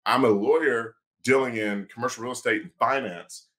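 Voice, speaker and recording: A man, a sports agent and lawyer, telling a story on a podcast in a casual, animated way and acting out the quoted dialogue. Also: mid-range voice, normal speed.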